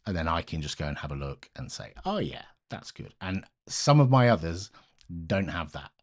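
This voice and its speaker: A deep-voiced, middle-aged British man live-streaming his coding session. He rambles in a relaxed, chatty way, breaking off mid-thought to answer viewers. The sound is close and plain, like a desk microphone. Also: brisk. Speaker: live-streaming open source maintainer. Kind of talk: casual live-stream chat while coding.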